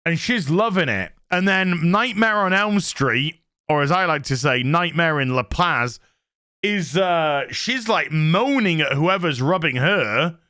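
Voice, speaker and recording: An older man rips into a reality show with irreverent, mocking commentary, laughing as he goes. His voice is bright and sharp, and it swings up and down a lot, sitting a touch high for a man. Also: animated, a little slow. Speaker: YouTube commentator.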